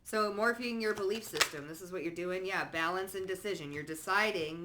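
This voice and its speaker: A woman psychic reads cards casually and fairly quickly, with background noise behind her. She's blunt and sassy, swears a lot, calls the listener honey and baby, and swings emphatically from low asides to loud outbursts.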